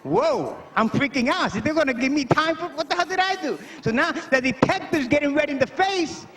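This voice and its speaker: An actor playing a Puerto Rican stand-up comedian who tells rambling stories full of fillers. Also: male voice, very high-pitched, brisk, slight background noise. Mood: storytelling. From Puerto Rico. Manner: rambling, animated storytelling with many fillers.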